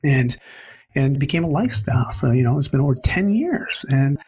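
A man in his forties, an animated guest telling stories in a conversational interview. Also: medium pitch, moderate pace, breathy edge. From Canada. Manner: animated, expressive storyteller.

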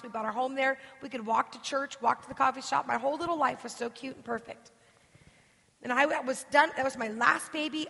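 A woman's voice: fairly high pitch, gravelly, bright, forceful tone. A woman in her thirties from the United States, preaching as a guest and telling a personal story with emotion, often asking the audience questions. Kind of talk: storytelling sermon. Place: church hall. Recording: reverberant church hall.

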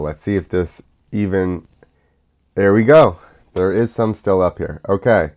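A young man hosts his own show, his deep voice unhurried and somewhat dark in tone. He talks casually in a sarcastic, mocking rant that keeps wandering off on tangents.

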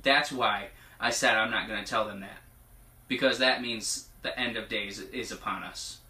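Bright-voiced man preaching in an echoey room. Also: lowish voice, normal speed. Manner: chatty, laughs often, grows emotional and hushed. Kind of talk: informal prophetic teaching with scripture reading. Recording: echoey room, mic at a distance.

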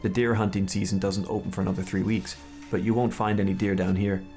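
A man reading the lines of a blunt, wary young woman hunter in his own low voice. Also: flat delivery, fast, darkish tone, soft background music.

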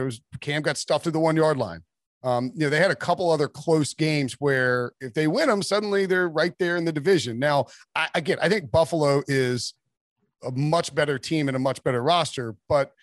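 A man with a fairly high-pitched voice appears as a sports writer guest on a podcast, talking casually and rambling with quick asides and restarts. The recording is dry, with clean studio sound.

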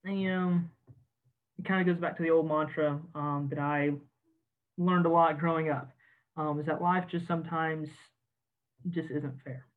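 A man's voice: a little high, level tone. Earnest man on a tinny phone-like line. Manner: earnest, measured, frequent ums and self-corrections. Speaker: army officer guest. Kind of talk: casual podcast discussion.

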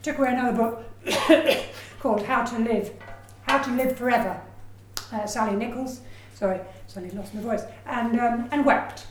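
A woman lectures with a slightly high voice and an easy, chatty flow. She breaks into personal asides as she explains her research. Her voice rings off the walls of an echoey room. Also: normal speed. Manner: lively, chatty, with personal asides and acted quotes. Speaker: education researcher giving a talk. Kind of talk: lecture presentation.

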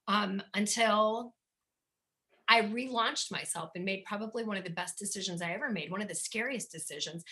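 A woman dating coach, a guest in an interview, telling her story in an animated, laughing, self-deprecating way. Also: mid-range voice, poor audio.

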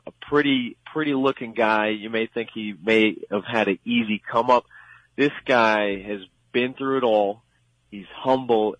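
A guest fight analyst with a Long Island accent makes emphatic, opinionated predictions on a sports radio show, repeating "I believe." His voice is on the low side and fairly bright, and the dry recording has a dull lo-fi radio sound.

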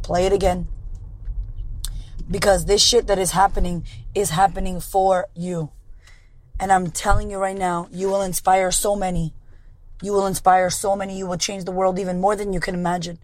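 Hoarse woman giving a blunt pep talk. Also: on the low side, a little mellow, rough recording. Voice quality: blunt, profane, emphatic. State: hoarse, raspy voice. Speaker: podcast host. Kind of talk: motivational monologue.

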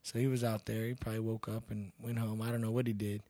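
A man's voice: fairly low pitch, fast, dry recording. A man from Texas, an MMA fighter who works as a bouncer, telling stories casually and acting out what people said. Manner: animated, acts out quoted lines loudly. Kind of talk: casual storytelling.

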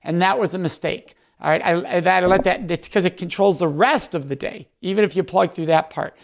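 A man's voice: high voice, fairly quick, gravelly. A man hosting an interview, chatting in an enthusiastic, affirming way. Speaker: host. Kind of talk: conversational interview.

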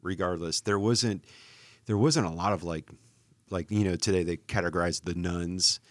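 A man in his forties from Wisconsin co-hosts a faith podcast in a low voice. He thinks aloud in a reflective way, with plenty of fillers and restarts. The recording is dry and close, with no echo. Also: moderate pace. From Wisconsin, US Midwest. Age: 40s. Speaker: podcast co-host, pastor. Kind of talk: casual conversation.

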